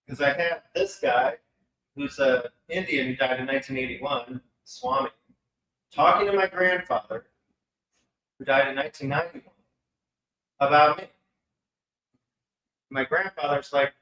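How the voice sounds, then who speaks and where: A man with a bright, forward voice tells an animated personal story to a live audience and slips into the voices of the people he quotes. He sounds like he is in a roomy hall with clear echo. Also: medium pitch. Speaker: psychic medium speaker. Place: expo hall.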